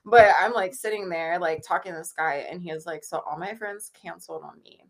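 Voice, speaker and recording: A woman's voice: lowish voice, a little fast. A woman in her thirties from the Kansas City area, a podcast guest telling a casual story, chatty, laughing often and acting out the people she quotes. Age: 30s.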